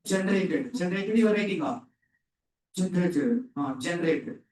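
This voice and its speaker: Recorded off-mic in an echoey room, a man lectures a programming class, asking short repetitive questions for students to answer. His voice is high-pitched and animated, slightly mellow, at a normal speed.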